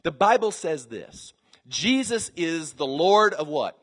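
A middle-aged male pastor with a high voice delivers a sermon in a large church. His voice swings between quiet asides and shouted scripture. A long reverb hangs after each phrase. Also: sing-song, slow pace. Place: large church hall with live congregation.

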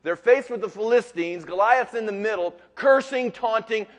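A male pastor preaching a sermon with emphatic, building repetition in a large church sanctuary. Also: sits high. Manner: emphatic and building, with repeated phrases. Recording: long reverb of a large hall.

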